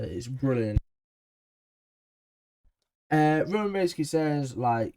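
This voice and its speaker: A man's voice: mid-range voice, moderate pace, darkish tone, clean tone. A man recapping a wrestling episode in a chatty, enthusiastic way, with frequent ums. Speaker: wrestling show reviewer.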